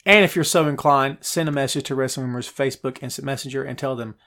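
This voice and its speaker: A man's voice: mid-range voice, fast. Chatty man hosting a wrestling stream. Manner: chatty, animated, reads chat names aloud. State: out of breath. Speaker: podcast host. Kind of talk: casual live-stream wrestling talk. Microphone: phone.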